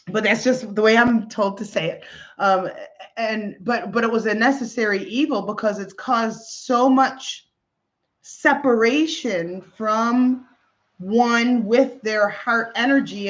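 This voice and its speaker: A woman spiritual healer giving a talk and leading a guided breathing meditation. She speaks gently and soothingly, with frequent fillers. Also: a little high, takes it slowly. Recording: slightly dull, muffled audio.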